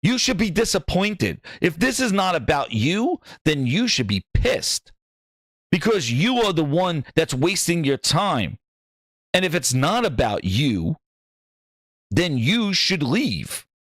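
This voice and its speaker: Exasperated male gaming host, high lively voice, profane rant, dry close sound. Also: slow, no room sound. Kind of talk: ranting commentary.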